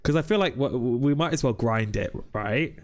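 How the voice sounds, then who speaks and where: A man's voice: mid-range voice, lively intonation, normal speed, soft background music. A young British man streaming a game, chatting casually with viewers and rambling between ums. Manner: rambling, chatty, lots of ums, reads chat aloud. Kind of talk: casual live-stream chat.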